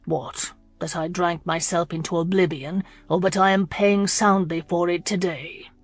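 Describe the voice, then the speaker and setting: A woman narrator voicing a brooding young male aristocrat who speaks wearily and gruffly. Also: fairly low pitch, steady tone, slow pace, a bit bright, no room sound, faint music behind. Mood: weary. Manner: weary, gruff, clipped.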